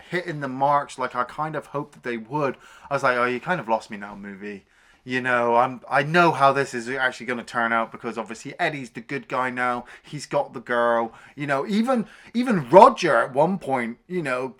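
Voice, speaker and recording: A man co-hosting a film review podcast, retelling the plot in a casual, animated way, swearing freely and acting out scenes. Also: medium pitch.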